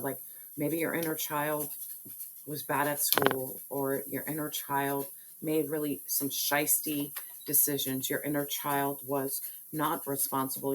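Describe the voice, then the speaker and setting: A woman's voice: sits low, rough recording. A woman giving a spiritual tarot reading, talking bluntly and passionately with lots of slang and swearing. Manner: blunt, slangy and profane, fiery preaching tone. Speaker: tarot reader.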